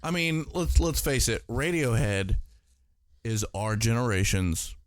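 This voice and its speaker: A man's voice: mid-range voice, lively intonation, measured pace, dry recording, studio quality. A man co-hosting a podcast in casual chat, laid-back and profane, often agreeing with "right.". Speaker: podcast co-host.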